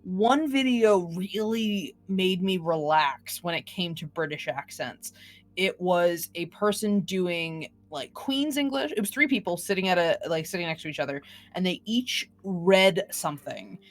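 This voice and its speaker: A woman's voice: on the low side, a little slow. A woman co-hosting a podcast in casual chat, talking with chatty enthusiasm. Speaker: podcast co-host.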